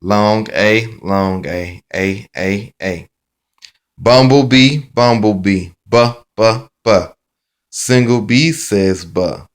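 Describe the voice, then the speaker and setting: Male phonics teacher, slightly low voice, unhurried sing-song drilling of letter sounds. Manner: chanting sound cards in a sing-song rhythm; slow, deliberate, repetitive.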